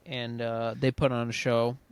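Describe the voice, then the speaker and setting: A man's voice: mid-range voice, little pitch movement, normal speed, clean tone, no echo. A young man co-hosting a podcast, chatting casually in an offhand, joking way, trailing off with fillers. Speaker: podcast co-host. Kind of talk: casual chat.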